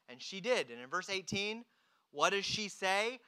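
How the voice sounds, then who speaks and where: A preacher delivering a dramatic sermon, swinging between hushed, quiet moments and emphatic, rising lines. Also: medium pitch, very animated, normal speed, clean tone.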